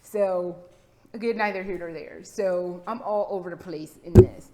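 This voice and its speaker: A woman's voice: on the low side, unhurried, heavy background noise. A young American woman ranting casually to camera as a vlogger, hyper, rambling and swearing freely. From United States. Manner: hyper, profane, rambling and animated.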